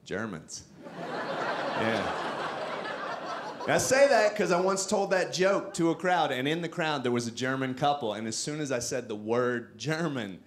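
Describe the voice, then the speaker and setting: Animated self-mocking comedian from Texas. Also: male voice, mid-range voice, measured pace. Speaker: stand-up comedian. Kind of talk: stand-up comedy set. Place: comedy club stage.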